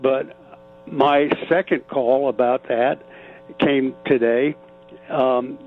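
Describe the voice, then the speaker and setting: A man from Texas calling in to a radio show, speaking emphatically with many halting fillers. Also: mid-range voice, fairly even intonation. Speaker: caller. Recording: tinny phone line with faint music.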